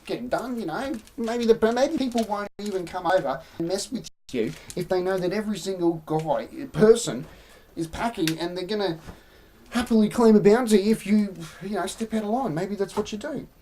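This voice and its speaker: A woman's voice: mid-range voice, expressive, normal speed, dark tone, a little hiss or hum. An Australian woman hosting a live stream, rambling through opinions and answering her chat in casual commentary. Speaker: livestream host.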